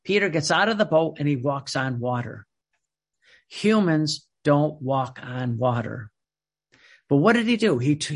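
A man's voice: on the high side, husky. A man preaching a sermon in an emphatic, repetitive way, often restarting his sentences.

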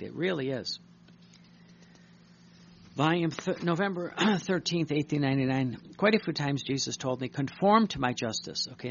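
Gravelly priest preaching earnestly. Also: male voice, medium pitch, dull audio, slight background noise. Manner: earnest, repeats words, reads aloud slowly then tells stories. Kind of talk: sermon reading and commenting on a devotional text.

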